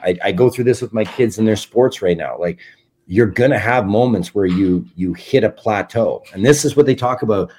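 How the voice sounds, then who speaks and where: Lively low-voiced man telling stories. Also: moderate pace, breathy edge. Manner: animated, acts out quoted dialogue. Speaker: documentary filmmaker guest. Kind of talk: casual interview storytelling.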